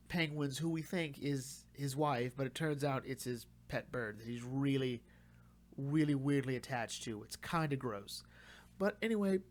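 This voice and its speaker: A man casually reviewing and recapping a comic run, chatting loosely and acting out the characters' lines. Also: on the high side.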